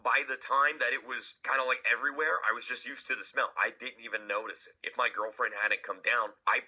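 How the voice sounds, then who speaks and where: A man's voice: mid-range voice, steady tone, fairly quick, bright, forceful tone, slightly rough, rough recording. A man, the host of his own channel, casually telling a story to his viewers, chatty, with many "right?" tags and restarts, and acting out the people in it. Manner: acts out the other people in the story.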